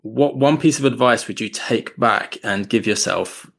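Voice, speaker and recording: A man hosting a podcast interview, asking questions and summing up in a measured, appreciative way. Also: medium pitch, gravelly, fairly bright tone. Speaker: podcast host.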